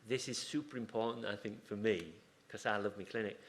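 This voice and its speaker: A man's voice: fairly low pitch, steady tone, fairly quick. A man giving an informal conference talk, chatty and rambling, breaking off into asides and restarting his sentences. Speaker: conference speaker. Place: conference room.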